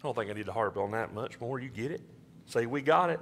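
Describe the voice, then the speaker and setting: A man preaching a sermon as pastor, animated and jumping high in pitch to stress his points. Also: quick pace, a little hiss or hum.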